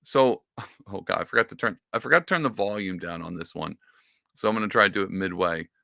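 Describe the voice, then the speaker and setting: A man talks through his podcast in a loose, rambling way, with sarcastic asides. His voice is gravelly and bright, and it swings widely in pitch. The sound is dry and close. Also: quick pace, no echo. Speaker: podcast host. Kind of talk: casual political commentary.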